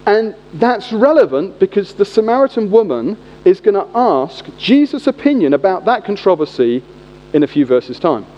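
High-voiced preacher, humorous. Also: male voice, normal speed. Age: 40s. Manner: humorous, animated storytelling. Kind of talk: sermon. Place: church. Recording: echoey hall, dull lo-fi sound.

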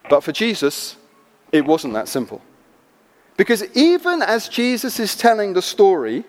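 A man preaching a sermon, telling stories with animated energy and acting out the people in them. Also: sits high. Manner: animated storytelling, acting out voices. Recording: long hall reverb.

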